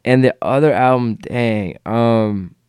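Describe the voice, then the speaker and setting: A man's voice: mid-range voice, takes it slowly, a little mellow, smooth, no echo, studio quality. A man chatting casually as a podcast guest, laid-back and profane, with lots of fillers and restarts. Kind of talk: casual chat.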